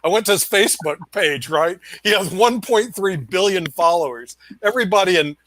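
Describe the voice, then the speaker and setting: A man's voice: sits high, expressive, moderate pace, a bit bright. A man hosting a casual panel chat over a video call, joking and laughing often. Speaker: host. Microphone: video call mic.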